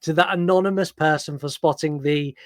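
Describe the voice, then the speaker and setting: A man's voice: on the high side, fairly even intonation, fairly quick, no echo. A young man hosting a casual podcast, chatty and jokey with lots of ums. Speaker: podcast host.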